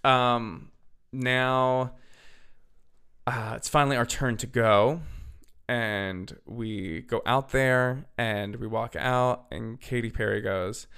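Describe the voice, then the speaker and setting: A young man hosting a podcast, telling a story casually. He talks in a chatty way, full of "literally" and "like", and his voice is slightly hoarse. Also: mid-range voice, steady tone, takes it slowly, pushed and bright. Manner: chatty, filler-heavy, "literally" and "like". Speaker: podcast host.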